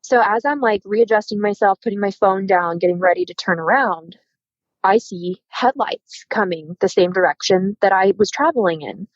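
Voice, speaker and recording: Telling a dramatic personal story in casual conversation, a podcast guest in her thirties animatedly performs the voices of the people in it. Her medium-pitched voice moves at normal speed, captured in lo-fi sound with no room sound.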